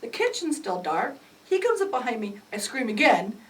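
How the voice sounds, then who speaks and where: A middle-aged woman recounting a family crisis in an emotional, animated way, acting out the dialogue with sudden jumps in pitch. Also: moderate pace. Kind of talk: emotional personal storytelling. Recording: distant mic with faint ambient noise.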